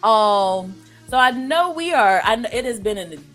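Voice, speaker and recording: A woman's voice: a little high, measured pace, soft background music. A woman from the American South with a Southern accent tinged with Brooklyn, hosting a casual interview in a chatty, joking way. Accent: Southern American with some Brooklyn. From Southern United States. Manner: chatty, joking, animated asides. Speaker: podcast host.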